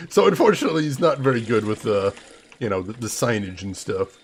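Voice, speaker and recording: Very animated and slightly breathy, a young male streamer speaks at normal speed in a mid-range voice. He chats playfully while commenting on a live game and greets viewers individually by name.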